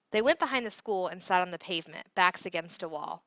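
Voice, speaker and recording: A woman narrating a novel aloud in a steady storytelling manner. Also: lowish voice, fairly quick, few pauses, dry recording. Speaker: audiobook reader. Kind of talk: scripted narration. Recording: dull dry recording.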